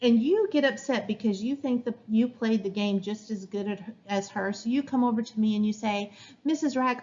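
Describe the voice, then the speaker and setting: Brief: woman as a kindergarten-style teacher, slightly high, patient sing-song delivery, dull lo-fi recording. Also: normal speed, a little mellow. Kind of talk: classroom rules lesson to young children.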